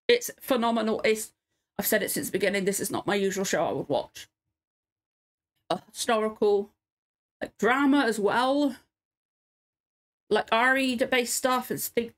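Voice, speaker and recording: A woman in tears and sniffling, rambling emotionally and swearing often as she reacts to a TV episode at home. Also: a little high. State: tearful and sniffling. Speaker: reaction video host. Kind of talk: casual reaction commentary.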